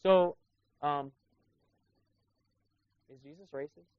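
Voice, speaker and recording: Speaking slowly in a clear, resonant, slightly high voice, a pastor preaches conversationally and poses rhetorical questions to his listeners in the congregation. The audio comes across as dull and lo-fi.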